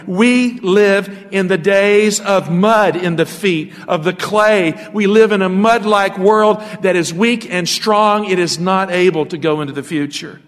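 A man preaches as a pastor, teaching from scripture and pausing to put rhetorical questions to his listeners. His voice sits high for a man. A long reverb trails behind his words. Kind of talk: sermon.

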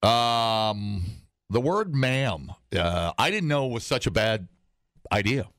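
A hoarse man hosting a casual talk show, joking and reading an article aloud, often slipping into mock voices. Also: medium pitch, expressive, slow pace, a bit bright, dry recording, clean studio sound. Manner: jokey, slips into mock voices and impressions. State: hoarse, losing his voice.

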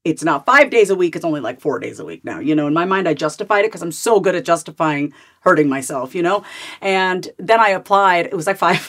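Animated woman in her forties telling her story. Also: fairly quick. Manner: animated, swings pitch widely to act out her own past thoughts. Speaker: podcast guest. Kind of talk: candid personal storytelling.

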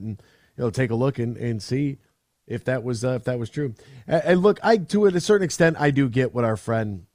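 A man's voice: medium pitch, no echo, clean studio sound. A man hosting sports talk radio, chatting casually and rambling with restarts, mocking players in put-on voices. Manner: animated, rambling, mocks players with put-on quotes.

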